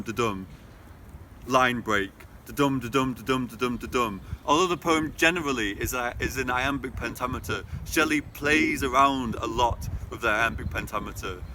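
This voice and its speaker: A man's voice: medium pitch, noisy background. A man giving a casual spoken poetry revision lesson to camera, thinking aloud, correcting himself and chanting rhythms. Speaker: literature tutor. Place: indoors, filmed talking to camera. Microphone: camera mic.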